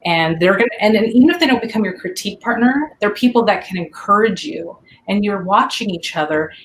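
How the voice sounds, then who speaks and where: A woman's voice: medium pitch, expressive, a little fast, slight background noise, low-quality recording. A woman author on a video call, talking in long rambling sentences full of "you know". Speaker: guest author. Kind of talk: casual panel chat.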